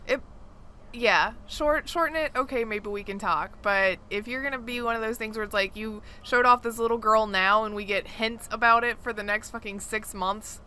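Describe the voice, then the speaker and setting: A woman co-hosting a gaming podcast, talking in lively bursts and laughing often. Her voice is bright and forward. There is a faint hiss of noise under the recording. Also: fairly high pitch, normal speed. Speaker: podcast co-host. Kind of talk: casual gaming chat.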